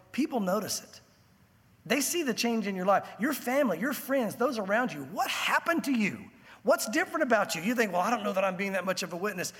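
Man, pastor, very high voice, sermon, lively storytelling, long echoing church reverb. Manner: animated storytelling, acts out crowd voices.

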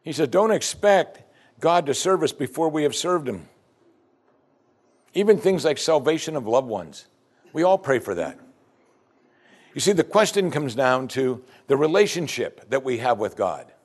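A man's voice: fairly high pitch, a little slow, long pauses. A man preaching a sermon as pastor, teaching from scripture and acting out the prayers of his listeners. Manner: animated preaching, acts out prayers in quoted voices.

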